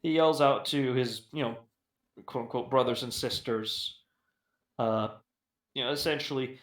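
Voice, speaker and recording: A man's voice: mid-range voice, fairly even intonation, a little slow, long pauses. Man narrating as game master, echoey room. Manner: hesitant narration with many fillers.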